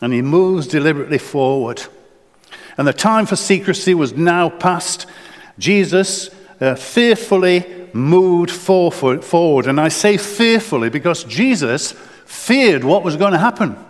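Earnest preacher with a booming echo. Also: male voice, animated, measured pace. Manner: earnest, repeats words and restarts often. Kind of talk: sermon. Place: church. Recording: long church reverb.

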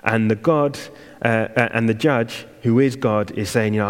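A man's voice: medium pitch, normal speed, clean tone. A man giving a guest sermon in a church, in a conversational way with light asides to the congregation. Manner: conversational, self-deprecating asides. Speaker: guest preacher. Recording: long reverb of a church hall.

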